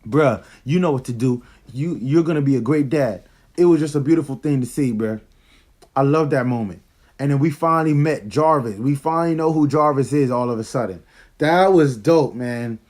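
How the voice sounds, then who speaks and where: A man giving a casual, excited movie review, full of slang as he retells scenes. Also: mid-range voice, moderate pace.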